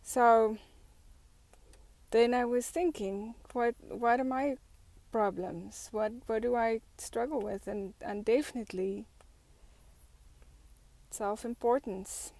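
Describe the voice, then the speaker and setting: A woman's voice: a little high, fairly even intonation, slow pace, pauses often, darkish tone, no room sound. A woman vlogger talking through her thoughts in a reflective, casual way, with lots of fillers and restarts.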